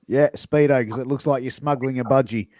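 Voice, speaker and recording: A man's voice: mid-range voice, fairly even intonation, fairly quick, darkish tone, no echo. A man with an Australian accent hosting a casual interview over a video call, laid-back and full of slang, laughing easily. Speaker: podcast host.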